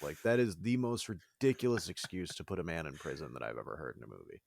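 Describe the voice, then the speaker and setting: A man's voice: very deep voice, lively intonation, fast, vocal fry, hardly any pauses, darkish tone, no echo, studio quality. A man co-hosting a podcast, talking casually and animatedly, with frequent "like" and laughs. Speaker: podcast co-host.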